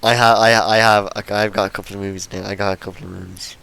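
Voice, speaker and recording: Podcast cohost guy, smooth clean voice, teasing, lots of "like" and "uh". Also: on the low side, level tone, quick pace, fairly bright tone, low-quality recording. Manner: playful, teasing, trails off with fillers. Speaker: podcast co-host. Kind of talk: casual chat.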